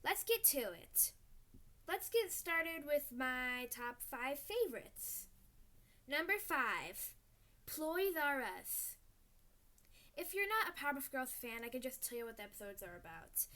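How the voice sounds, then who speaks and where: A woman hosting her own fan channel, chatting casually and excitably about favorite cartoon episodes, acting out quotes in squeaky voices. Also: unhurried. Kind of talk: casual episode ranking chat.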